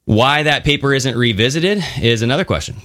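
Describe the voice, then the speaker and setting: A man's voice: medium pitch, expressive, brisk, a bit bright, no echo, studio quality. A man co-hosting a podcast, talking casually and animatedly, swearing now and then and mocking others in funny voices. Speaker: podcast co-host. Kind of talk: casual conversational podcast talk.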